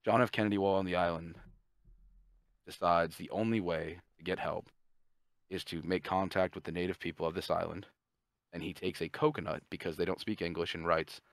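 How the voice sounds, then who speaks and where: A man co-hosting a podcast, casually pitching a movie plot in a rambling, profane way and briefly voicing the characters. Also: steady tone, creaky, no echo. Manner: profane, rambling, acts out characters' lines in quick asides. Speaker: podcast co-host.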